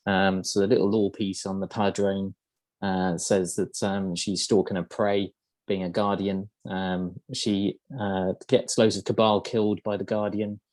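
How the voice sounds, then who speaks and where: A man's voice: deep voice, little pitch movement, a little slow, a little mellow, no echo. A man hosting a podcast, explaining game lore in casual chat, hesitant and full of ums and uhs. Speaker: podcast host.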